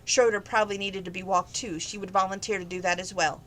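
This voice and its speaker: A woman's voice: mid-range voice, fairly even intonation, fast talker, a bit bright, poor audio. A woman narrating a novel in a casual read-aloud style, plain and unpolished, stumbling and restarting now and then. Her voice sits in a middle register, with a faint background hiss. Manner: plain, with small slips and restarts. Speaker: reader.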